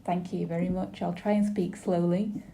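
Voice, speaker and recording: A woman giving a simultaneous interpretation of a webinar panel, speaking in a measured, formal way with brief pauses and restarts. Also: fairly low pitch, level tone, vocal fry, mellow, a little hiss or hum.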